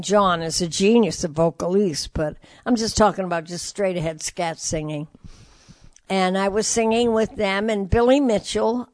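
An older woman from Detroit tells her stories with lively animation, slipping into the voices of the people she quotes. Her voice sits at a middling pitch for a woman. The sound is close and dry, with almost no room around it. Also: no echo. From Detroit, USA. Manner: lively storyteller who acts out quoted voices. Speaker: jazz singer interviewee. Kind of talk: storytelling interview.

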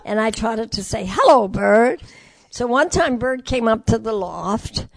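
An older woman from Detroit, a jazz singer telling stories in an interview, animated and acting out the voices of the people she quotes. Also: on the high side, normal speed, gravelly, no echo. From Detroit, USA. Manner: lively storyteller who acts out quoted voices. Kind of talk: storytelling interview.

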